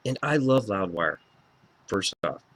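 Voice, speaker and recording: An excitable man reviews an album he loves in a casual video. He swears freely and gets worked up as he talks. His voice sits on the low side. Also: measured pace, husky. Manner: excitable, profane and fan-gushing.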